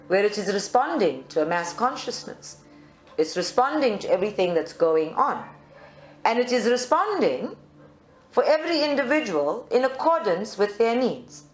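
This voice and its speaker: Spiritual group leader, woman from South Africa, reflective live talk, roomy sound, faint music bed. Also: mid-range voice. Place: meditation centre room.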